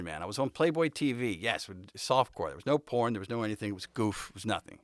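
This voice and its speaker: A man hosting a podcast, telling stories from his past in a casual, animated way and acting out the people in them. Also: mid-range voice, quick pace, dry recording, studio quality. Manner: animated storyteller acting out quoted voices, laughing; swears casually. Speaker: podcast host. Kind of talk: casual storytelling.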